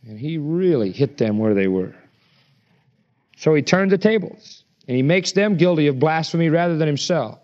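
Male preacher, high voice, forceful and emphatic delivery, muffled lo-fi recording. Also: lively intonation, normal speed. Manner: emphatic, acts out quoted voices with rising pitch. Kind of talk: sermon. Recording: dull lo-fi sermon recording.

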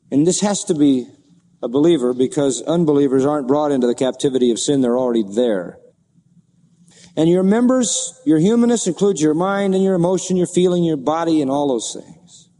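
Preaching man with a bright-pitched, mellow voice. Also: big-room sound. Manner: expository preaching, rising to impassioned reading of scripture. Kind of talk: sermon.

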